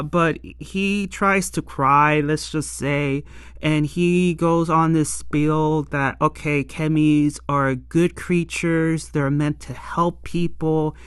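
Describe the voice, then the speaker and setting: An exasperated reviewer rambles through an episode recap in a slow, drawn-out delivery. The voice is smooth and clean, recorded dry and close with no room sound. Frequent sighs and self-corrections run through the casual commentary. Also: mid-range voice, fairly bright tone, dry recording. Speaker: show reviewer.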